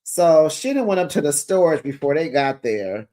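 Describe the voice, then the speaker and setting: A man with a fairly high voice runs through a reality show recap in gossip mode. He is sassy and chatty, sprinkling in honey and child as he talks to his viewers like friends. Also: big pitch swings, normal speed, mellow. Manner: sassy, chatty, addresses viewers as besties and y'all; calls listeners honey and child.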